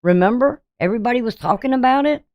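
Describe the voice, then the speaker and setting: A woman's voice: fairly high pitch, animated, quick pace, no room sound, dull audio. A woman astrologer giving a forecast in an emphatic, preachy way, firing off rhetorical questions at her viewers. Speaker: astrologer and tarot reader.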